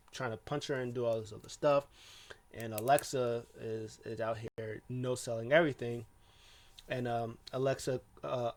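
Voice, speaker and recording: A man talks through a wrestling show in a loose, casual recap. He rambles, stacks up fillers and restarts his sentences, and his voice sits at an ordinary middle pitch.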